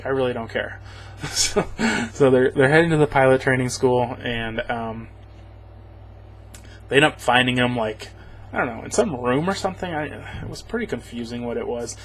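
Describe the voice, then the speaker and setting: A man's voice: medium pitch, a little fast, poor audio. A man casually recapping a movie for a review, rambling and sarcastic, chuckling often.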